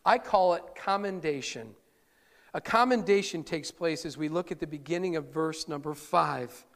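A male pastor preaching a sermon, telling the story in an animated way with frequent chuckles. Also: fairly high pitch, moderate pace, gravelly. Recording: long hall reverb.

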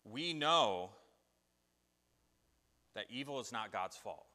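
A man preaches with a bright, forceful voice, talking to his listeners in plain words and voicing their doubts before he answers them. His voice rings out with a long reverb, as from a large hall. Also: medium pitch, animated, takes it slowly. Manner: conversational preaching, asking imagined listeners' questions. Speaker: pastor. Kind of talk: sermon.

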